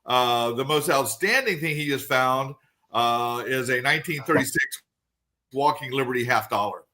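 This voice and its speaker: A man giving a fast, casual treasure hunting report as a guest, rattling through news like an auctioneer, with many fillers. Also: medium pitch, bright, forceful tone. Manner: quick, auctioneer-like rundown with fillers.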